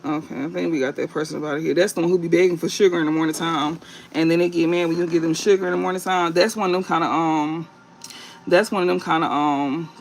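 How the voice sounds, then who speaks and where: A man hosting a late-night livestream as a tarot reader, talking bluntly and profanely with drawn-out fillers and repeated phrases. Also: fairly high pitch, slight background noise.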